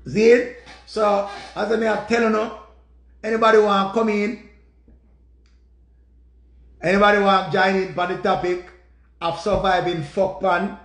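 A man's voice: high voice, flat delivery, measured pace, long pauses. A man with a Jamaican accent, hosting a live stream and ranting emotionally, repeating himself in heated bursts. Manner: heated, repetitive, shouting outbursts. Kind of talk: emotional storytelling rant. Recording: echoey room.

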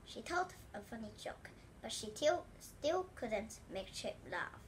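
Brief: woman reading a children's book aloud, slow and careful, lively pitch. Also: slight background noise. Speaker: storybook reader.

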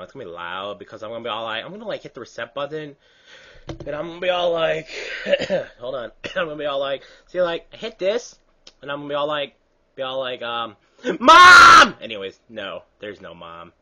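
A man recording gameplay commentary, rambling in quiet asides and then shouting excited, swearing hype lines. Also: medium pitch, highs cut off. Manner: loud, excitable, swears often; mumbled asides between bursts.

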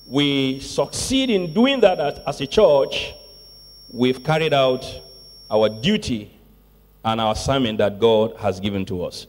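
In a church sanctuary with long reverb, a pastor with a fairly high, darkish voice preaches to his congregation. He stresses key words, repeats phrases, and calls out to the room.

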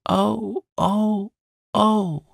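Guy doing a spoiled little girl wailing, way high, slow dry storybook read. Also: steady tone, dry recording.

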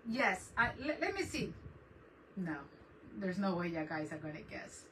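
This host's fairly low voice has a sing-song lilt, a moderate pace, and a fairly bright tone. She runs a casual craft live stream from her home desk, laughing often and saying hello to viewers by name, captured by a distant mic with faint noise.

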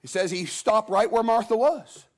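Folksy animated man preaching. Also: high-pitched, moderate pace. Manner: folksy, animated storytelling with acted-out quotes. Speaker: guest preacher. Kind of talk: Sunday evening sermon.

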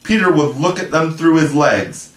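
A man's voice: on the high side, animated, normal speed, a little hiss or hum, pitched above the performer's own voice, close to an everyday voice. A man doing frightened, eager young boys. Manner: cried out, breathless. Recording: echoey room, voice from afar.

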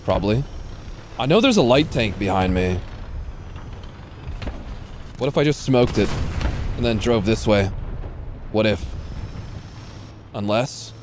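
A man's voice: lowish voice, lively intonation, slow, pauses often, a little mellow, slight background noise. A man casually commentating his own live gameplay, slangy and swearing freely. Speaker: streamer.

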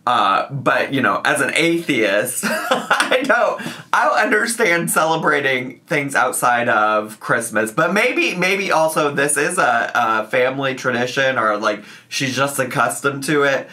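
A man's voice: medium pitch, very animated, unhurried, bright, forceful tone. A man hosting a reaction commentary, teasing and sarcastic, often laughing at what he watches. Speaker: commentary host.

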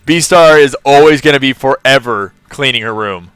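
A man's voice: medium pitch, normal speed, fairly bright tone, clear, resonant tone, no room sound, soft background music. A man from California live-streaming a game, chatting casually, laughing often and greeting viewers in the chat.

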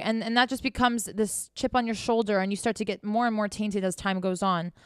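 A woman with a smooth, clear voice delivering a candid self-help monologue to camera. She is blunt and sarcastic, swears freely and scolds the listener directly. The recording is dry and close, with no room sound. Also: medium pitch, dry recording. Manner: direct, scolding address to the viewer. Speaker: host.

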